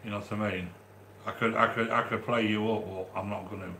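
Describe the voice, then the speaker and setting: A man from the English Midlands, speaking with a Midlands accent, hosts a casual live stream and reads viewers' comments, chatting warmly and affectionately with frequent restarts. His voice is on the low side, level in tone and brisk. The audio is reverberant with slight background noise.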